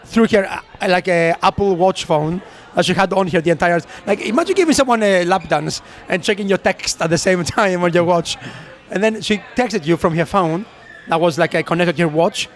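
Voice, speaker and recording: A man's voice: sits high, moderate pace, few pauses. A man co-hosting a podcast, telling a story in casual chat, acting out quotes and laughing often. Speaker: podcast co-host.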